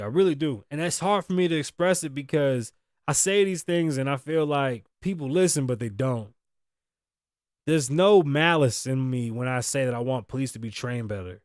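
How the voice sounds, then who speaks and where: A man's voice: medium pitch, lively intonation, moderate pace, dry recording, studio quality. A man hosting a podcast, giving blunt, indignant commentary on the news, swearing freely and acting out the lines of the people in the story. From Las Vegas. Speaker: podcast host.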